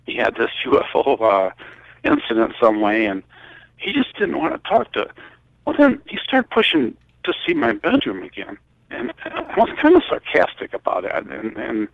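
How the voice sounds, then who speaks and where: Rambling older man with lively pitch. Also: gravelly, dry recording, highs cut off. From Michigan. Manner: rambling, halting storyteller with many restarts. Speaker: guest. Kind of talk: recounting a personal story.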